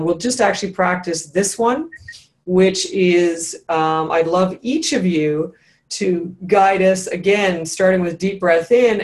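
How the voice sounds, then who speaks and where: This is a woman leading a breathwork session over a video call. She coaches in an encouraging, instructive way and slows down to model each guided phrase. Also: lowish voice.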